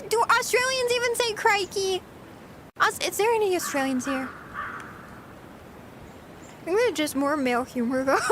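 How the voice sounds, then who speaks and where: Young woman streamer, super high squeaky voice, bouncy and giggly, rambling chat w viewers. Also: a bit bright, slight background noise.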